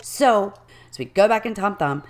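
A woman co-hosting a casual chat, telling a long personal story in an animated way and acting out the people in it. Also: mid-range voice, normal speed.

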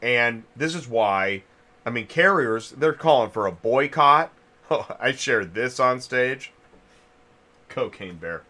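Bright-voiced man, rambling host. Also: medium pitch, lively intonation, slow. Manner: rambling, thinks aloud with many restarts. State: chewing a cough drop. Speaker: podcast host. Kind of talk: casual industry chat.

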